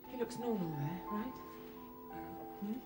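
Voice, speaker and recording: Fed-up british mum played by an actress, blunt and sarcastic, drama music underneath. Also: female voice, medium pitch, animated, unhurried, close to an everyday voice. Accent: British English. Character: worn-down, sharp-tongued mother of a sick boy. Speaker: mother of an autistic son.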